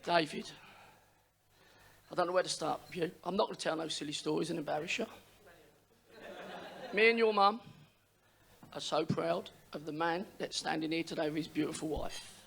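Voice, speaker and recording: A middle-aged man, the father of the groom, giving a wedding speech, emotional and pausing to sigh. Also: fairly high pitch, gravelly, fairly bright tone. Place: wedding reception hall.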